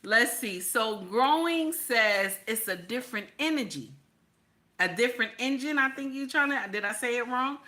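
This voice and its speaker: A woman's voice: a little high, lively intonation, normal speed, sharp tone. A woman hosting a live stream, reacting to a clip in a casual, emphatic way, repeating herself and talking straight to her viewers. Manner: repetitive, emphatic, chatty with viewers.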